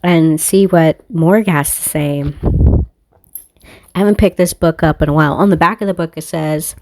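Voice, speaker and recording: A woman with a lowish voice muses aloud in a loose spiritual monologue as a tarot reader. She rambles, swears freely and laughs at her own thoughts. The sound is dry and close. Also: moderate pace, a little mellow, no room sound. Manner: rambling, profane, laughs often.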